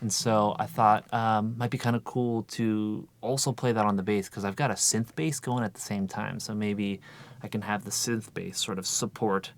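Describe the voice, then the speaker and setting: A man's voice: fairly low pitch, steady tone, moderate pace. A man in his thirties talking casually outdoors in a vlog, rambling and correcting himself with a wry tone. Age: 30s. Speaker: musician vlogger. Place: outdoors in a yard on a sunny day.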